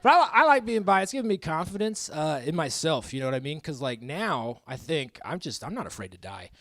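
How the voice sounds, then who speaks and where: A man in his thirties doing live stand-up comedy on a club stage, crude and self-mocking, with quick asides to the crowd. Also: on the high side, sing-song, fairly bright tone, dry recording, clean studio sound. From American Midwest.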